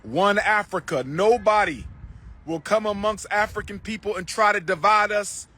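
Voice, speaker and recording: A man livestreaming outdoors into a phone, loud and declaiming, repeating his phrases. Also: high voice, normal speed. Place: outdoors on a street.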